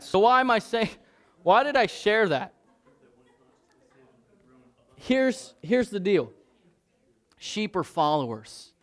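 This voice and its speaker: A man preaching a sermon as pastor, in an earnest, conversational way with frequent restarts. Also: high voice.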